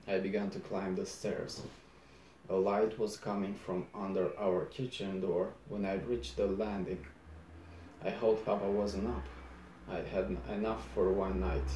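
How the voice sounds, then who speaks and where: Slow, low-voiced male reader in a roomy room. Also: level tone, dark tone, slight background noise. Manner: slow, low-key, with slips and restarts. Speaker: audiobook reader. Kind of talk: first-person novel narration. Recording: roomy echo.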